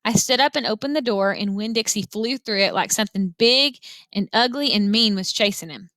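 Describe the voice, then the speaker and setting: Woman teacher reading a novel to her class, expressive, bright and dry. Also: medium pitch, a little fast, dry recording. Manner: directs listeners to follow along, expressive read-aloud. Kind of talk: reading a novel aloud to students.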